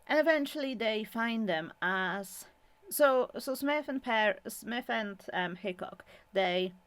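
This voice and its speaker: A woman hosting a video, summarizing a true-crime book in a casual, animated way, with exclamations, rants and lots of fillers. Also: fairly high pitch, smooth, no echo. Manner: animated, exclaiming, quick asides; many fillers and restarts, chatty.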